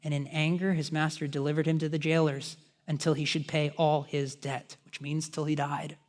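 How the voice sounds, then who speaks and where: A man's voice: a little high, flat delivery, normal speed. A man preaching a sermon in a church, talking conversationally with joking asides to the congregation. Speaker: pastor.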